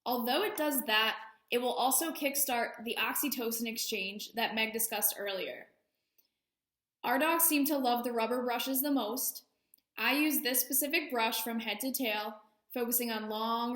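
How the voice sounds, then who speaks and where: Higher-voiced woman dog-training instructor, roomy sound. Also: fairly bright tone. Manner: friendly, self-deprecating asides. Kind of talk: instructional talk.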